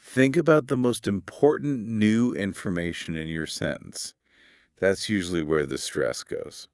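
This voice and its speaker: A man's voice: fairly low pitch, a little slow, darkish tone, no room sound, clean studio sound. A man co-hosting a podcast English lesson, explaining patiently with emphatic stress. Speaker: English teacher, podcast co-host. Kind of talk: scripted podcast lesson dialogue.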